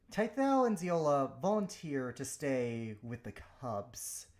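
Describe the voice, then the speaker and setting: A man's voice: medium pitch, sing-song, drawn-out words, a little mellow. A man narrating a tabletop game as game master, in a casual manner. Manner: casual, with fillers.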